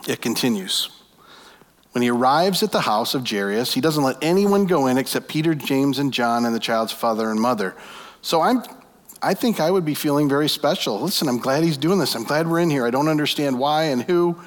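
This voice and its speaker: A man's voice: medium pitch, lively intonation, fairly quick. A man preaching a sermon, retelling a story vividly with many rhetorical questions to his listeners. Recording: long hall reverb.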